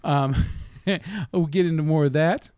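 Male podcast co-host, fairly high-voiced, rambling and laughing, dry close mic. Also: a little slow, a little mellow, clean tone, no room sound. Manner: rambling, swearing, laughing often. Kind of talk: casual chat.

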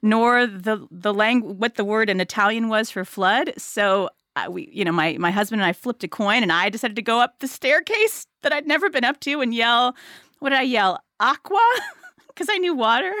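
A middle-aged woman interviewing an author about his book, animated and laughing often as she talks. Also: a little high, normal speed, no echo, studio quality.

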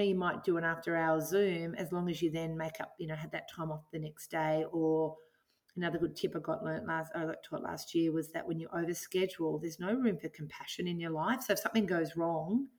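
Middle-aged lady guest on a podcast, low-ish voice, earnest and keen. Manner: earnest, enthusiastic, reflective. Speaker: guest, business owner and author. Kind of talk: podcast interview.

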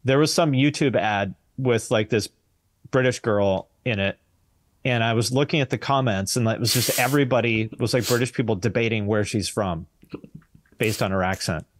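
A man's voice: mid-range voice, moderate pace. A man hosting a podcast in casual chat, blunt and joking, swearing freely. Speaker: podcast host.

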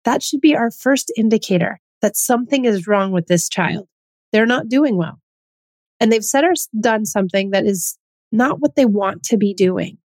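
A woman in her thirties hosting a solo podcast, explaining her views in an earnest, gently persuasive way. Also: medium pitch, animated, normal speed, dry recording. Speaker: podcast host.

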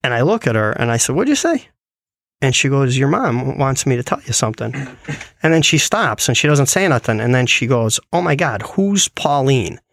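A man's voice: mid-range voice, brisk, no room sound, studio quality. A man casually telling a personal story and acting out what others said in it. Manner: animated, quoting others in his retelling.

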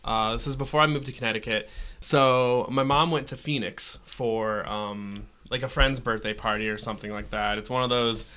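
Casual male podcast co-host, bright tone, lively anecdotal delivery. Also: medium pitch, moderate pace, clear, resonant tone. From Omaha, Nebraska. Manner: animated storyteller, frequent fillers. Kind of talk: casual chat.

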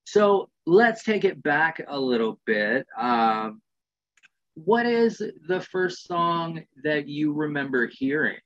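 A man's voice: fairly high pitch, animated, slow, fairly bright tone, muffled recording. An American man hosting a podcast, talking in a laid-back, rambling way and swearing casually. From United States. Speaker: podcast host. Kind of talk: casual interview.

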